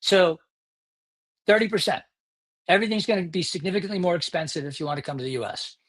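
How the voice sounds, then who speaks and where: A man's voice: high-pitched, expressive, fast talker, fairly bright tone. A man hosting his own podcast, delivering an indignant, sarcastic solo rant. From United States. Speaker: podcast host.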